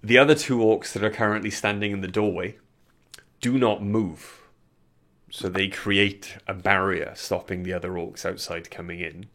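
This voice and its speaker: Deep-voiced and fairly bright, this man keeps his intonation fairly even as he game-masters a tabletop session. His combat narration and rulings are measured, and he fills the gaps between rulings with hesitant fillers.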